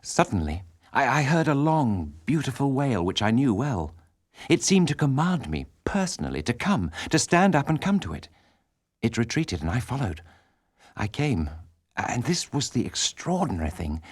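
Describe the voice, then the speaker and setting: A man's voice: medium pitch, normal speed, slightly rough, no room sound, clean studio sound. A man reading as a frightened young woman singer. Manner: expressive storytelling, first person. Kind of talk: audiobook narration.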